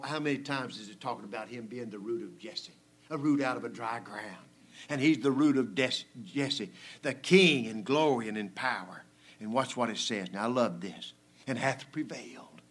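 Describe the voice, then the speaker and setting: A man preaching a sermon, his voice sitting at an everyday middle pitch. He talks to the congregation in a folksy, conversational way. His delivery swings between loud emphasis and quiet, hushed asides, with frequent chuckles.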